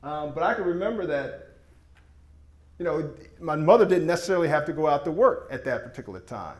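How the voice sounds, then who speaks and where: A man's voice: a little high, expressive, a little fast. A man giving an enthusiastic, folksy sales presentation with slides to a seated audience. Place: meeting room with audience. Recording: echoey room.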